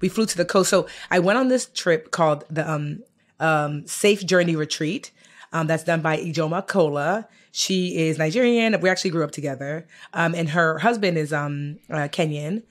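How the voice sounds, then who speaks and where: A woman co-hosting a podcast in a studio, telling a story in an animated, chatty way. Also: low-pitched, moderate pace. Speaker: podcast co-host. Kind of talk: casual chat.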